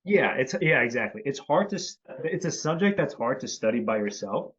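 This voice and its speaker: A man's voice: mid-range voice, big pitch swings, a little fast, a bit bright, breathy edge. A man hosting a casual live-stream lesson, greeting viewers by name over a video call. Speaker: host and company CEO. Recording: slightly dull video-call audio.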